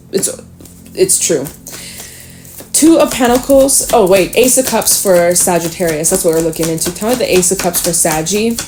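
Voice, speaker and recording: A woman giving a casual tarot reading, talking straight to the listener, chatty and swearing freely, animated at times. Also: mid-range voice. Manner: animated, with sudden laughs and exclamations. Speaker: tarot reader.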